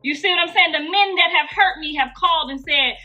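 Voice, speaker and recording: A woman's voice: high voice, a little fast, bright, forceful tone, muffled recording, faint music behind. A woman hosting a live gossip stream, preaching emphatically and calling out to her listeners. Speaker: gossip channel host.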